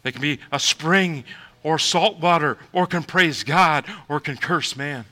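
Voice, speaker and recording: A man preaching a sermon, moving from quiet reflection to shouted, high exclamations, with laughs between points. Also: a little slow, low-quality recording. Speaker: pastor.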